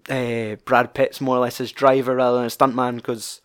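A man's voice: medium pitch, flat delivery, unhurried, clean tone. A young man with a Scottish accent chatting casually about a film, rambling and swearing freely.

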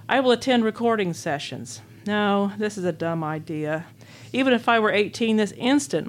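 An older woman from Illinois, reading her own memoir essay aloud as a guest, in a wistful, wry storytelling manner. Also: mid-range voice. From Illinois, USA. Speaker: author and guest.

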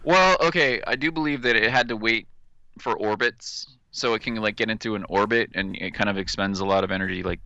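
A man's voice: on the low side, brisk, vocal fry, pushed and bright, no echo, muffled recording. A man co-hosting a podcast in casual, playful banter, acting out silly voices as he jokes. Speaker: podcast co-host.

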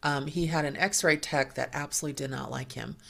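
A woman hosting a podcast, telling workplace anecdotes in a lively, chatty way and acting out the people she quotes. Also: low-pitched, brisk, creaky. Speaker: podcast host. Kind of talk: casual storytelling chat.

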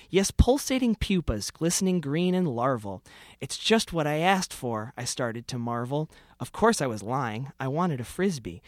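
A male comedian in a dry, close recording with little room sound. He talks at a middling pitch, stumbling and restarting in conversation. When he reads his comic rhyming verse, he settles into a bouncing rhythm. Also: no echo. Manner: halting restarts in chat, rhythmic rhyming delivery when reading. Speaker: comedian and guest. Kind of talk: casual chat and reading a comic holiday poem.

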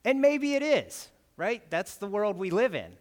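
A man with an American accent preaches in a casual, conversational way, often tossing in "right?" to the congregation. His voice sits a little high for a man. The sound carries a long hall reverb from the church sanctuary. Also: wildly swooping pitch, unhurried. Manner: conversational, keeps asking "right?". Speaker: guest preacher. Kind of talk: sermon.

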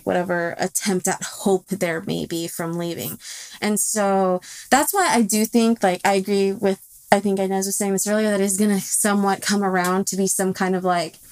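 Animated, profane woman recapping a show. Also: medium pitch, dry recording, rough recording. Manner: animated, profane, emotional, acts out quotes. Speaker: podcast co-host. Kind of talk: casual TV recap chat.

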